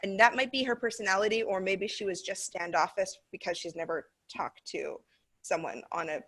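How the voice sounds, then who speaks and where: Brisk and a little bright, this mid-range female voice belongs to an American teacher trainer. She narrates a classroom recording in a casual way, using lots of fillers as she goes.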